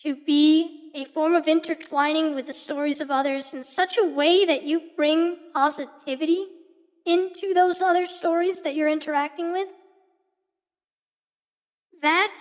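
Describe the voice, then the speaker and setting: Over faint music, a woman streamer with a very high voice slowly and earnestly encourages her chat. Now and then she pauses, hunting for words, and a long reverb tail trails her voice.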